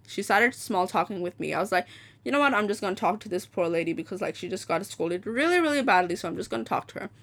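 A woman talking into her podcast mic in a loose, chatty rant. She is blunt and swears freely, and she slips into quick impressions of the people in her story. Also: mid-range voice, expressive. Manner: blunt and profane, acting out quoted people. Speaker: podcast host.

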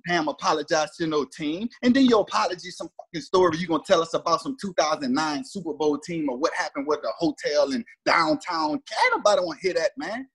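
A man's voice: a little high, lively intonation, brisk, gravelly, few pauses, a bit bright, husky. A man in his thirties, a former pro football player, telling a heated story in slangy, emphatic casual talk and acting out what others said. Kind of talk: animated storytelling chat.

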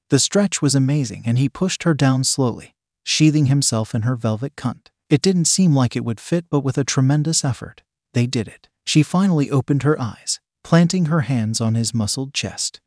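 A man narrating an adult romance story at a steady, unhurried pace. His voice sits in an ordinary middle pitch, and the recording is dry and close. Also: dry recording.

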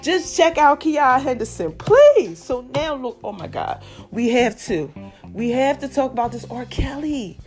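Chatty high-voiced woman podcaster. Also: normal speed, soft background music. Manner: chatty, animated, calls listeners "y'all" and "child". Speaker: podcast host. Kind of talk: casual solo podcast chat.

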